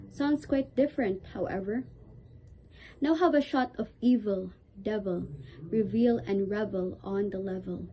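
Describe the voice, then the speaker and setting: A woman's voice: medium pitch, dark tone, a little hiss or hum, rough recording. A woman reciting a rhyming poem, carefully sounding out each word in lists.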